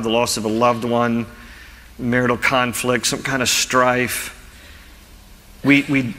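A man's voice: mid-range voice, bright, forceful tone, big-room sound. A male pastor preaching a teaching sermon, explaining scripture with frequent restarts and repeated words.

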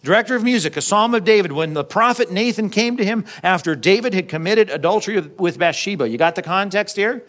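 Conversational male pastor, slightly higher voice. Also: expressive, fast, few pauses, a bit bright. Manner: conversational, asks the audience questions, repeats words. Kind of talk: sermon.

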